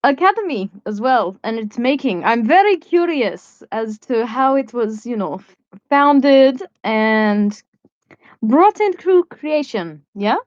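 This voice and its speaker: A woman's voice: on the high side, animated, dry recording. A woman doing a stiff, shy young dragon rider who speaks in careful, formal phrases in a tabletop game. The sound is dull and muffled, with a dry, close feel. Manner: halting, overly formal and awkward.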